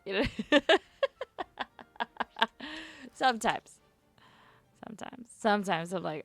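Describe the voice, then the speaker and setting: A woman chatting to herself while she plays a video game, rambling and giggly, her voice climbing high when she gets nervous. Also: big pitch swings, slow, creaky, long pauses, fairly bright tone, no room sound, soft background music. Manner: rambling self-talk, giggly. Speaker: streamer. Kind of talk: casual gameplay commentary.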